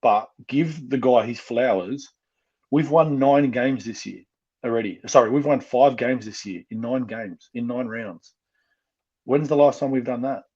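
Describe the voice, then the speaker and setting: An Australian man talks on a casual fan podcast, his husky voice full of passion as he gets worked up. The recording sounds dull and lo-fi. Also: mid-range voice, darkish tone. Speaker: podcast co-host, fan guest.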